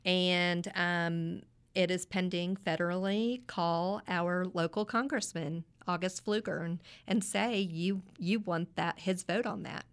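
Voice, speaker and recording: A middle-aged woman, a podcast guest, telling a family story in a lively way. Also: on the low side, slow pace, smooth. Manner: animated storyteller, acts out quoted voices. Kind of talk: conversational storytelling interview.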